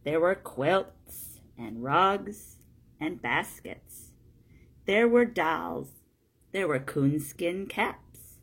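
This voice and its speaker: Lady reading a kids storybook out loud, deep slow voice, kinda gravelly. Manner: plain, steady, sentence-by-sentence reading. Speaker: storybook reader. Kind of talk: reading a children's story aloud.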